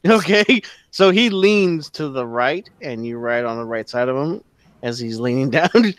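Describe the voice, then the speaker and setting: Lively, profane male game master. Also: no room sound. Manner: casual, profane, acts out characters in quick high voices. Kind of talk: narrating a tabletop game.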